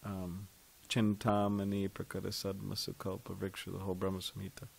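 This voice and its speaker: A man with a slightly low voice leads a devotional scripture class in a temple. He talks loosely and conversationally, pausing to ask his listeners questions. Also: completely flat delivery, creaky, slightly rough.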